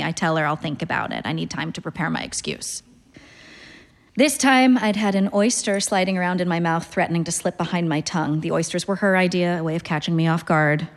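A woman in her thirties reading a literary short story aloud in a dry, deadpan, wry manner. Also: fairly low pitch, in a large hall. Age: 30s. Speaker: narrator.

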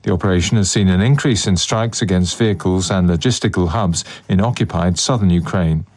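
A man reading a radio news bulletin in a measured, formal manner. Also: sits low, a little mellow. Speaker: newsreader.

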